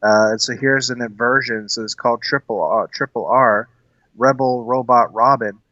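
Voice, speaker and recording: A man's voice: medium pitch, steady tone, normal speed, sharp tone, no echo, dull audio. A man co-hosting a casual film discussion, talking earnestly with many fillers and restarts. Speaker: podcast co-host.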